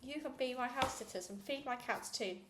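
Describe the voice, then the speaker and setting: A woman's voice: sits high, fairly quick, noisy background, lightly acted. A woman reading aloud, voicing a cheerful middle-aged male chip-van owner who talks in a chummy way and calls people sweetheart. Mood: jovial. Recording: echoey room.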